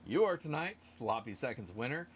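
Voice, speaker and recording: A man's voice: mid-range voice, very animated, moderate pace, a little hiss or hum. A man hosting a casual live stream giveaway, rambling and joking at his own expense. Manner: rambling, self-joking, loose. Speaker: livestream host running a giveaway.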